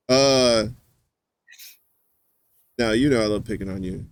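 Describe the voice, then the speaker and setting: A man's voice: fairly low pitch, slow pace, long pauses, a little hiss or hum. A man hosting a show, chatting casually in a rambling, teasing way with lots of fillers and restarts. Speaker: podcast host. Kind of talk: casual chat.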